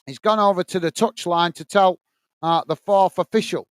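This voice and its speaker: A man from England hosts a live football watch-along, talking straight to his viewers. He is blunt and firm with troublemakers and plain when he calls the play. His voice sits high and comes through smooth and clear, with a dry, close sound. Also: moderate pace, no room sound. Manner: blunt, irritated ranting at a commenter; calm play-by-play description. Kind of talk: live match commentary and chat with viewers.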